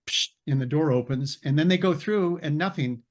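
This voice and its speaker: A man's voice: on the high side, brisk, darkish tone. Older man telling rambling anecdotes. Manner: rambling, searches for names, laughs while telling stories. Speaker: actor, interview guest. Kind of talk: casual anecdotal storytelling.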